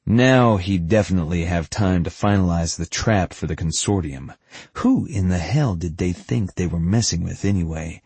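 Deep husky male audiobook narrator. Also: moderate pace, a little mellow, no echo. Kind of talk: scripted narration.

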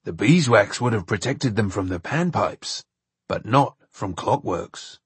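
A man's voice: fairly low pitch, lively intonation, a little slow, husky, no echo, exaggerated voice. A man voicing a matter-of-fact, logical companion in an audiobook. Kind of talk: audiobook narration.

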